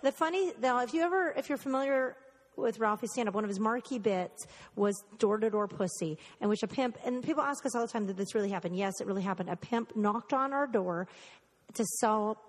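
A woman's voice: fairly high pitch, a little fast. Chatty woman co-host, reverberant room. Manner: affectionate, chatty storytelling. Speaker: show co-host. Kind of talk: casual chat. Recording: reverberant kitchen.

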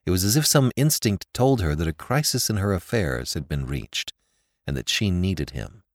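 A man narrating a classic story with an expressive, dramatic reading. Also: low-pitched, moderate pace, no room sound, studio quality.

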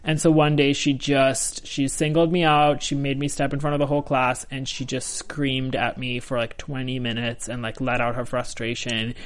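A man's voice: medium pitch, little pitch movement, normal speed, hardly any pauses. A young adult man telling a story as an interview guest in a casual, rambling way, full of "like" and restarts. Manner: chatty, full of "like" and restarts, laughs through.

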